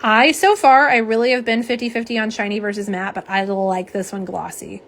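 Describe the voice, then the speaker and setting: A bubbly middle-aged woman chats away on a phone livestream, her voice sitting a little high. She talks straight to her viewers and reads out their comments. A faint hiss sits under the voice. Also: fairly even intonation, a little fast. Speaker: nail polish livestream host. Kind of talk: casual livestream chat reading comments. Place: home setup for live streaming. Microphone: phone camera on a live stream.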